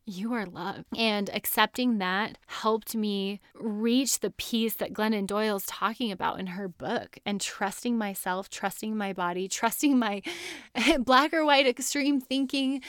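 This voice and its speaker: A woman's voice: mid-range voice, a bit bright, no echo, studio quality. A woman in her thirties hosting a podcast, telling a personal story in an earnest, chatty way and laughing often. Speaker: podcast host.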